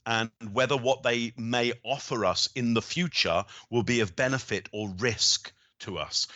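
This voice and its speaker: A man's voice: mid-range voice, bright, forceful tone, no echo, lo-fi sound. A middle-aged man answering interview questions as a body language expert, explaining thoughtfully and often restarting his phrases.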